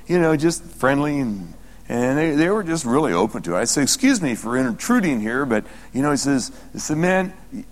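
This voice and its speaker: A man preaching as a pastor, telling a story animatedly and acting out the dialogue as his excitement builds. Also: mid-range voice. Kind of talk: sermon. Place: church sanctuary. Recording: long reverb of a church hall.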